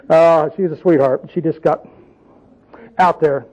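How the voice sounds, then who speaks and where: A man whose voice is a little high, darkish and edged with breath draws out his words and takes long pauses, on dull audio. In an informal, conversational Bible teaching, he often questions his listeners and tells folksy stories and asides.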